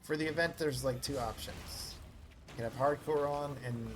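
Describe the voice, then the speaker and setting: A man's voice: medium pitch, moderate pace, soft background music. A man chatting casually while live-streaming a video game, rambling with lots of fillers and joking at his own expense. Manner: rambling, filler-heavy and self-mocking.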